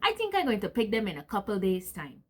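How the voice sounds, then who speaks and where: A woman voicing a blustering, indignant village bad man in a storybook reading, loud and huffy, repeating himself three times over. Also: high voice, huge pitch swings, quick pace, full character voice. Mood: fussy.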